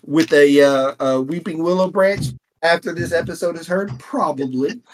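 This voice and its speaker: A man co-hosting a podcast, telling teasing stories in a relaxed, drawling way. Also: on the high side, moderate pace. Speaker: podcast co-host. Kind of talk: casual chat.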